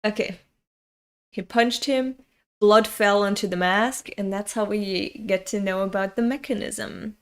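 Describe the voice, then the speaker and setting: A woman's voice: mid-range voice, fairly even intonation, measured pace, clear, resonant tone. A woman reading a comic aloud in a chatty, casual way, laughing and swearing as she goes. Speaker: comic reader.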